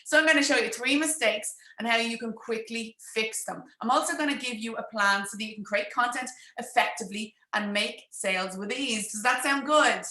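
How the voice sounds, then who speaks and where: A woman business coach talking quickly and chattily on a livestream, speaking straight to her viewers. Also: on the high side, bright, forceful tone, roomy sound. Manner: fast-talking, chatty, addresses viewers directly. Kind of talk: live-streamed social media coaching talk.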